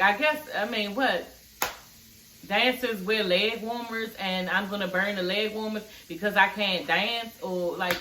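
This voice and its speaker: A woman's voice: mid-range voice, bright, forceful tone, roomy sound, a little hiss or hum. A woman giving a casual, blunt recap of a reality show, talking straight to her viewers and swearing freely.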